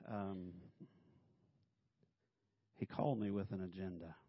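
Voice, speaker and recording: A man's voice: low-pitched, steady tone, slow pace, breathy edge. A man preaching a sermon in a conversational way, with humorous asides and acted-out quotes. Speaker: pastor. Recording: dull lo-fi recording.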